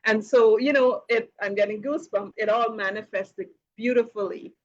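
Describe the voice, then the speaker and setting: A woman's voice: on the high side, fairly even intonation, normal speed, lo-fi sound, slight background noise. A woman hosting a live question-and-answer session, telling a personal story casually with many "you know" fillers and light laughs. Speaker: host of a live Q and A.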